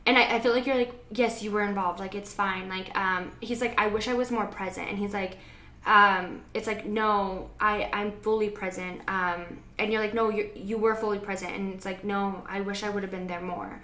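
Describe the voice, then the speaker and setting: A woman's voice: medium pitch, fairly even intonation, normal speed, pushed and bright. A young woman giving a general spiritual reading to camera, rambling and hesitant, with many fillers and restarts. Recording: echoey room with faint ambient noise.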